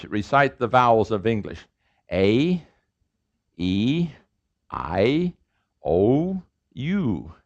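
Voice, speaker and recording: A man's voice: mid-range voice, muffled recording. A middle-aged man, a professor, lecturing an audience on pronunciation and repeating sounds emphatically to demonstrate them. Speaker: professor teaching a language class.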